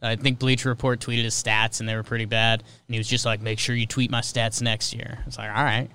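A man hosting a casual sports podcast, reading off game scores in quick, clipped bursts with loose, offhand commentary in between. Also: medium pitch, flat delivery, pushed and bright, slight background noise. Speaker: podcast host.

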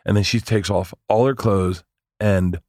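A comedian guest telling a bawdy story on a podcast, loud and animated, swearing and laughing often. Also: male voice, on the low side, measured pace, no room sound, clean studio sound.

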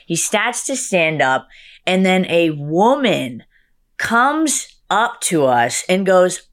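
Low-voiced young woman telling a story. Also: takes it slowly. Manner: animated, acts out quotes with big pitch jumps. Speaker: guest. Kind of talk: casual storytelling chat.

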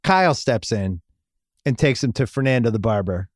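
A man's voice: mid-range voice, animated, moderate pace, dry recording. Guy in his 40s or so rambling thru a funny story on a podcast, cracks himself up, dead dry studio sound. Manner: rambling anecdote, laughing at his own jokes. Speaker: podcast host. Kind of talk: casual storytelling chat.

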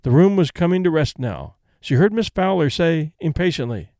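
A man narrating a story as an audiobook in a measured, even reading. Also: on the high side, no room sound, clean studio sound.

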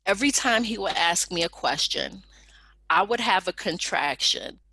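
A woman telling a personal story in a lively storytelling manner, acting out the people in it with raised voices. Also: medium pitch, normal speed, slightly rough, dry recording. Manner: animated, acts out quoted people in raised voices.

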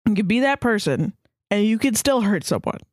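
A young woman co-hosting a casual podcast, talking in an animated, swearing way and mimicking the people she quotes. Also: mid-range voice, brisk, no echo, studio quality. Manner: animated, swears freely, puts on quoted voices. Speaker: podcast co-host. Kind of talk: casual chat.

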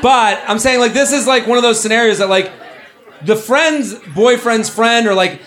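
A man hosting a live comedy advice show on a club stage, riffing in quick, joking, rambling bursts. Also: very high-pitched. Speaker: comedy podcast host. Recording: live audience crowd noise. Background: audience laughter.

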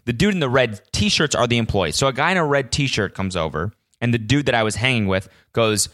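A man's voice: mid-range voice, expressive, fairly quick, few pauses, a bit bright, no echo, clean studio sound. Swearing, exasperated man ranting on a podcast. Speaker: podcast host. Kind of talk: solo podcast monologue.

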